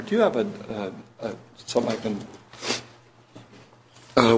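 A man preaching a sermon to a congregation in a church room, earnest and slow, pressing his listeners with rising questions. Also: medium pitch, big pitch swings, slightly rough.

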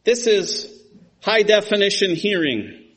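A middle-aged man delivers a sermon with a voice pitched somewhat high for a man. He talks in an animated, emphatic way, climbing high when he stresses a point. Then he drops low and soft for his side remarks. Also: takes it slowly, slightly rough, low-quality recording. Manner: animated, emphatic, swings between high urgent stress and low quiet asides. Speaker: preacher.

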